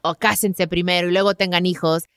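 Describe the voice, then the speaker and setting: A woman's voice: lowish voice, steady tone, fast, fairly bright tone, clear, resonant tone, no room sound, studio quality. A woman hosting a casual chat, empathetic, mixing English and Spanish. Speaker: host.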